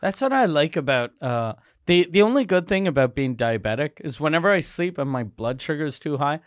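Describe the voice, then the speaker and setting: A man's voice: fairly high pitch, expressive, a little fast, dry recording, clean studio sound. A man co-hosting a comedy podcast, riffing crudely on what the others say. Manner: crude joking, riffs on others' words. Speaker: podcast co-host. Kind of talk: casual comedic banter.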